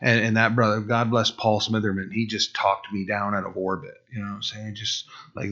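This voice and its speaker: A middle-aged man preaches as if chatting with friends, his voice bright and forceful as he relives an old story. He restarts sentences and acts out the people he quotes, and the sound is a little dull and lo-fi. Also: fairly low pitch, flat delivery, brisk, hardly any pauses. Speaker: pastor. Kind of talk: conversational sermon with personal story.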